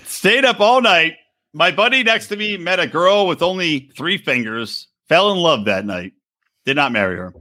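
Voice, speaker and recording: A man chatting on a podcast with a bright, forceful voice and a lot of swing in his pitch. He rants with plenty of profanity and sits a little higher than most men. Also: normal speed. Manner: animated, profane ranting. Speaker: podcast co-host. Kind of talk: casual chat.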